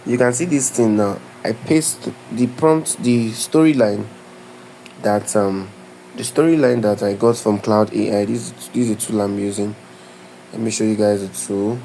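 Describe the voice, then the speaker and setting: A man's voice: fairly low pitch, steady tone, moderate pace, gravelly, mellow, slight background noise, low-quality recording. Man teaching, keeps checking you follow. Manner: instructive, keeps asking "do you understand?"; loose, repeats and restarts phrases. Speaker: tutorial creator. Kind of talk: live screen-share tutorial.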